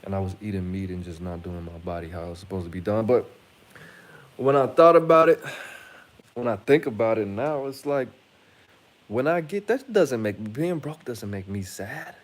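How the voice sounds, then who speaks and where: A man's voice: lowish voice, moderate pace, a little mellow. A man hosting his own channel, talking in a blunt, profane, rambling monologue with frequent restarts. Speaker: channel host. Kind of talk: casual monologue to camera.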